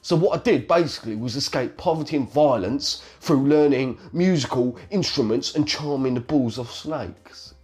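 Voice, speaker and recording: A man's voice: medium pitch, normal speed, few pauses, a little mellow, lightly acted. A man with a South London accent playing a crude, boastful male snake charmer who swears constantly in an improvised comedy sketch. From London, England. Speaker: guest.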